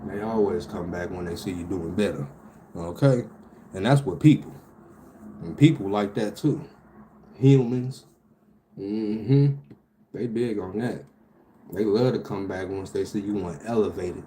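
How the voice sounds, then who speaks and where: A man, animated and profane, telling a story about his delivery job with loud outbursts. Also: on the low side, a little slow, long pauses, a little hiss or hum. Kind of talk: casual storytelling vlog.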